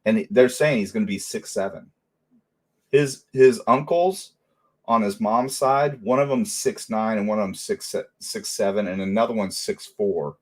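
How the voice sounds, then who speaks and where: A middle-aged man hosting a casual livestream, telling animated stories and laughing often. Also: lowish voice, measured pace. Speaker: livestream host.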